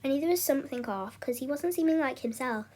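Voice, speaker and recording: A young woman with a slightly high voice tells a storytime in a loose, chatty way. She keeps restarting her sentences and falls back on "anyway, so" as she goes. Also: expressive, fast talker, dark tone. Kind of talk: casual storytime narration.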